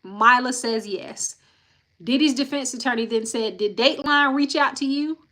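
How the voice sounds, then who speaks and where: At a normal speed, a woman with a bright, fairly high voice goes through court testimony for a live-stream audience. She delivers each quote plainly and then breaks away to sigh or talk to viewers, casual and frank throughout. She's on a live-stream mic.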